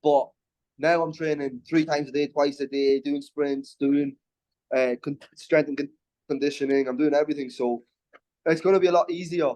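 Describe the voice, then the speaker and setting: Brash young fighter, quick restarts. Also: male voice, on the high side, fairly even intonation, darkish tone. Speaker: MMA fighter, interview guest. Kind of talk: casual interview.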